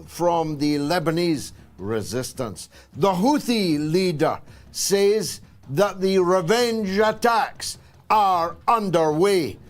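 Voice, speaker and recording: Slow, emphatic Scottish man in his 60s. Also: sits high. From Scotland. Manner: slow, emphatic, sarcastic delivery with dramatic pauses. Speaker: host. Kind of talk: political talk show monologue.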